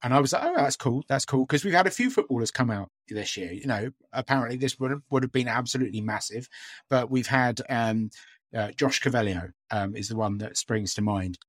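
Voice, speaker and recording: A man's voice: medium pitch, a little fast, dry recording, studio quality. A man co-hosting a podcast in casual chat, talking hesitantly with lots of fillers and restarts. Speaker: podcast co-host.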